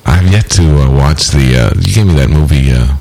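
A man's voice: extremely low pitch, normal speed, creaky, a little mellow. A man co-hosting a podcast in casual chat, asking curious questions and chuckling along. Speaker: podcast co-host. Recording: online call connection.

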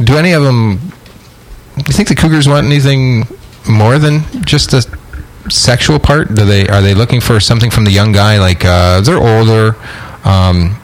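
Laid-back joking man, low voice. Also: normal speed, rough recording. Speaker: podcast co-host. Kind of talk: casual chat. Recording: online call connection.

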